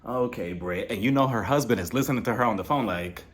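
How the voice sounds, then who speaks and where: A man's voice: on the low side, fast talker. A man hosting his own channel, giving a casual, jokey recap of a reality show episode. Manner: animated, jokey, mimics cast members. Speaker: reality TV review YouTuber.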